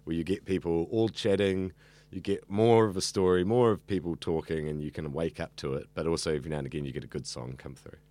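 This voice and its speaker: A man's voice: low voice, fairly even intonation, fast talker, dark tone. A young man who studies radio and hosts an evening show, chatting earnestly in an interview with lots of fillers and restarts. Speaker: radio student and evening radio host. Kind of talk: casual interview chat.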